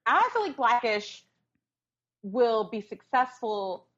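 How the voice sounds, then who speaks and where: A woman co-hosting a casual pop-culture podcast, talking in a sarcastic, animated way. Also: a little high, takes it slowly. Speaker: podcast co-host. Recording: dull lo-fi sound.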